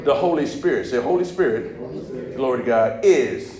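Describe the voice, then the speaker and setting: A man preaching a sermon who keeps prompting his listeners to repeat after him and checks that they follow. His delivery swings from low murmurs to loud, shouted preaching. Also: expressive, a little fast, crowd noise. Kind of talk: sermon with call-and-response. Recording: echoey hall.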